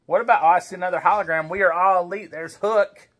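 Bright-voiced dad chatting over card packs. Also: male voice, high-pitched, steady tone, quick pace. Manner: chatty, talks to his baby while reading card names. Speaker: wrestling card collector vlogger. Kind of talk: casual pack-opening chat. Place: home.

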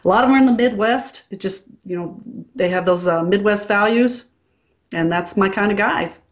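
A woman's voice: medium pitch, moderate pace. A woman working as a dental consultant, speaking frankly and bluntly in a casual interview.

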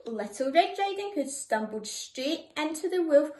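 A woman reading a children's story aloud in a lively, expressive way. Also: sits high, unhurried. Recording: echoey room.

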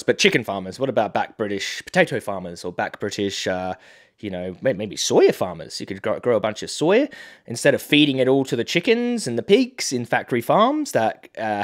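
A man's voice: medium pitch, big pitch swings, brisk. A man reacting to political clips with sarcastic, mocking and indignant commentary. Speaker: activist commentator.

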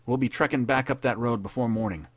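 A man's voice: mid-range voice, fast talker, no room sound, voice pushed up, lightly acted. A man voicing a stern, bitter army captain who barks and sneers his questions. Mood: commanding. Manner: barking, sneering and savage.

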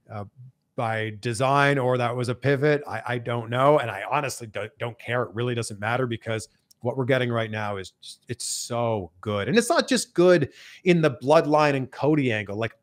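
A Canadian man, a TV host and entertainment reporter, talking as a guest in a casual interview, upbeat and full of "like" fillers. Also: medium pitch. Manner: animated, enthusiastic, many "like" fillers.

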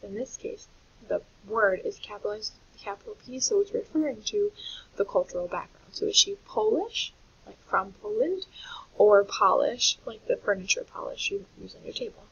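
A woman teaching a recorded phonics lesson to young children, explaining patiently and clearly. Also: mid-range voice, sing-song, a little fast. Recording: dull lo-fi audio with faint hiss.

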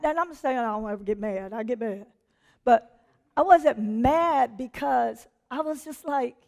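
A woman with a high, light voice preaches a sermon in a chatty, animated way. She acts out what people say and laughs easily as she teaches. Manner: animated, conversational preaching with laughter and acted-out quotes.

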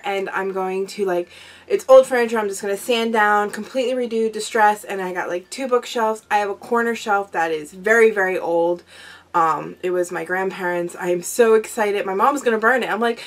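A young adult woman excitedly chatting through a craft mail unboxing, gasping and gushing over each item. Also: mid-range voice. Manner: gushing, excitable, gasps often. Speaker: craft vlogger. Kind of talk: casual unboxing chat.

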